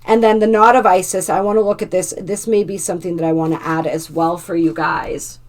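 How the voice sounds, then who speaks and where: A woman hosting a spiritual oracle card reading, gently reading card text aloud and adding asides to her viewers. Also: fairly low pitch, flat delivery, brisk.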